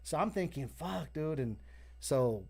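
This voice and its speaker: A man co-hosting a casual talk show over a video call, spinning a long story with plenty of swearing. His voice sits a little higher than most men's, and he jumps into the voices of the people he describes as he goes. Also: unhurried, creaky, husky. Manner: profane, animated, acts out voices in his stories. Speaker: co-host.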